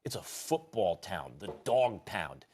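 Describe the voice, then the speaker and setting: A man making rapid-fire, argumentative rebuttals as a host on a televised sports debate show. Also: deep voice, sing-song, darkish tone, breathy edge. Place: TV studio.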